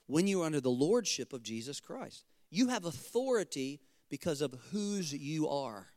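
A man's voice: a little high, very animated, moderate pace, darkish tone, no room sound. Fervent preaching man, dry sound. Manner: fervent preaching with casual asides. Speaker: pastor. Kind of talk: sermon.

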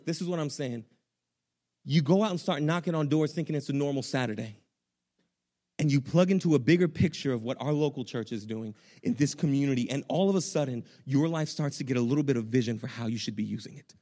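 A young man, a pastor, preaching a sermon in an animated, conversational way with casual slang. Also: medium pitch.

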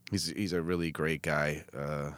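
A middle-aged actor from Chicago, chatting as a guest in a relaxed way and trailing off with fillers. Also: male voice, rumbling low, measured pace, dry recording. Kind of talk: casual interview chat.

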